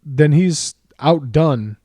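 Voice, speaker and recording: A man's voice: on the high side, extremely slow, warm tone, no echo. A man co-hosting a casual sports chat, blunt and opinionated, often repeating himself as he makes his picks. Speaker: podcast co-host.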